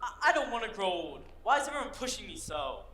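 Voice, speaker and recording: A man's voice: high voice, sing-song, fast, pushed and bright, full character voice. Teen boy playing a jittery young groom. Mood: panicked. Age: teens. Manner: anxious, earnest. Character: nervous young groom on his wedding day. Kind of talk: high school stage play. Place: school auditorium stage. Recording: echoey auditorium stage.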